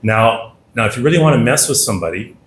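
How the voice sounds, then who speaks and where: A man's voice: mid-range voice, quick pace, slight background noise. Canadian man telling stories in an echoey room. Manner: anecdotal, animated, acts out dialogue. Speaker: guest speaker. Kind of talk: storytelling talk at a dinner. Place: dinner hall. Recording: echoey room with faint ambience.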